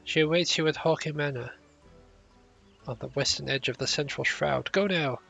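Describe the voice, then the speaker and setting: A man's voice: on the high side, normal speed, creaky, fairly bright tone, faint music behind. A man reading game quest lines aloud as a grieving, solemn servant who speaks in old-fashioned phrases. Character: grieving, solemn servant confessing a dark secret.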